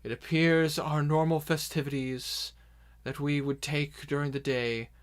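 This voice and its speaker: A grand, self-important orc herald, put on by a man in a tabletop game, speaking a little above his natural pitch. He stretches each proclamation out slowly and lets it hang over the crowd. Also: little pitch movement, clean tone, lightly acted. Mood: proclaiming. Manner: slow, drawn-out proclamations. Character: male orc herald addressing a crowd, pompous.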